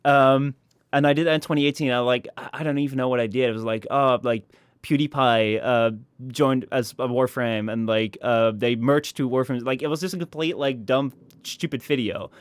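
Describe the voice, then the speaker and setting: A man chatting casually as a podcast guest, rambling with many fillers and restarts and slipping into high mock voices. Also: normal speed, smooth, no echo.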